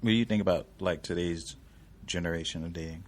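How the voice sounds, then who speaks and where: A male interviewer with a very deep voice, keeping the casual chat moving with short questions and quick agreement. His tone is loose and conversational. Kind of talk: casual street-style interview.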